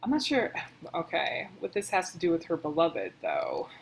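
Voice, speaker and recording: A woman working as a book editor, reading passages aloud and thinking out loud in a casual, chatty way as she comments on them. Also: fairly low pitch, huge pitch swings, moderate pace, a little hiss or hum, rough recording.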